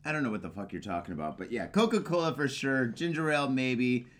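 A man co-hosting a boozy chat show, already tipsy. His voice is lively and rides up and down freely. He talks in loose, profane, chuckling banter. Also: medium pitch, quick pace. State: tipsy from drinking. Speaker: podcast co-host. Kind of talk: casual drinking-show banter.

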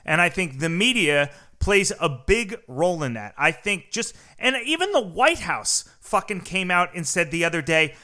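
A man with a high, sharp voice and big pitch swings hosts a podcast, delivering a casual but heated conversational rant. He talks fast, swears often, and fills his speech with "like" and "you know."

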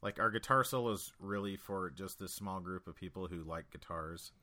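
A man's voice: low voice, normal speed, bright, forceful tone. A man co-hosting a podcast, chatting casually and jokingly about music with plenty of filler words. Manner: joking, rambling with many fillers. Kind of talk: casual chat.

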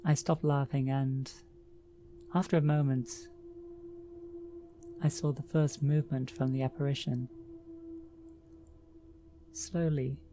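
A woman narrating a first-person horror story in a measured, dramatic reading. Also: low-pitched, dark tone, slight background noise.

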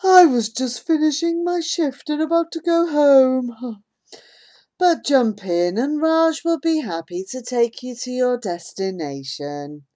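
A woman reading aloud voices an adult male rickshaw driver with a gentle, sing-song manner. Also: very high-pitched, expressive, takes it slowly, voice pushed up, exaggerated voice. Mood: friendly.

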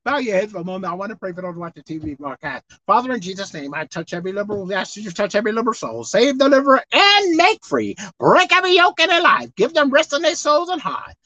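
A woman preacher giving a televised sermon, animated and swinging between loud exclaiming and low murmuring. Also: fast, hardly any pauses, dry recording, highs cut off.

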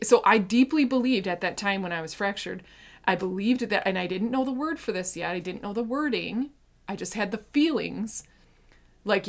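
A woman's voice: medium pitch, lively intonation, moderate pace. Earnest woman sharing emotional testimony. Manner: earnest, heartfelt, shifts between hushed and intense. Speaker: Christian speaker sharing testimony.

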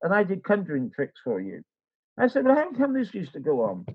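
A man's voice: high voice, wildly swooping pitch, fairly quick, breathy edge, narrow, tinny audio. An older man telling a rambling personal story in casual chat, acting out the voices of the people in it. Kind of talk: casual anecdote.

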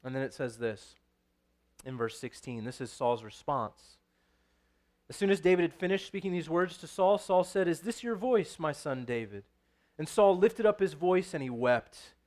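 A man's voice: a little high, animated, normal speed, darkish tone. A man preaching, reading scripture aloud and then explaining it in a conversational way, often checking in with "right?". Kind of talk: sermon.

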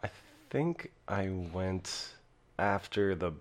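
A man co-hosting a podcast in casual chat, raspy from a cold, rambling with restarts and frequent laughs. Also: low voice, lively intonation, slow pace. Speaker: podcast co-host.

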